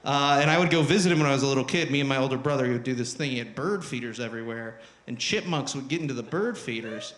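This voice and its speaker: A man performing stand-up comedy on stage, talking in a profane, animated way and shouting at the crowd. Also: mid-range voice, fast talker, hardly any pauses. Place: live comedy venue on stage. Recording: roomy live club recording.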